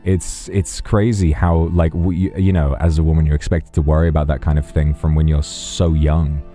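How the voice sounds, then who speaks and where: A man's voice: extremely low pitch, flat delivery, normal speed, mellow, faint music behind. A man chatting casually on a livestream, rambling and wry, often breaking off mid-sentence. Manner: rambling, self-interrupting, wry. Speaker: streamer.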